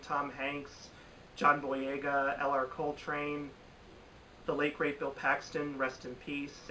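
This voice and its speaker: A man's voice: on the high side, sharp tone, far from the mic, a little hiss or hum, low-quality recording. Emphatic, exasperated young man reviewing films. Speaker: film commentator. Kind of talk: opinionated commentary. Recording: voice a bit off-mic with faint ambience.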